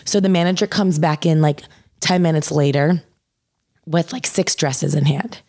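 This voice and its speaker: A woman's voice: deep voice, moderate pace, a little mellow. A young woman telling a personal story in casual chat, saying "like" constantly and swearing freely.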